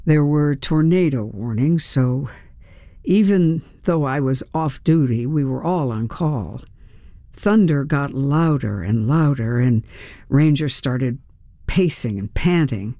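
A woman voicing a soft-spoken male police officer who talks quietly about his dog, in an audiobook. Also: very deep voice, lively intonation, takes it slowly, dry recording, studio quality, exaggerated voice. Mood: subdued, worried. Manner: quiet, hushed. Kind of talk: audiobook character reading.

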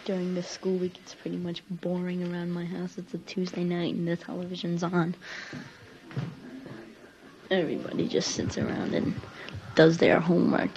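Here a seventeen-year-old diarist rambles casually about her life, restarting sentences and leaning on fillers. Her lowish voice is flat and slightly mellow, moving at a moderate pace with long pauses. The recording has its highs cut off and carries slight background noise.

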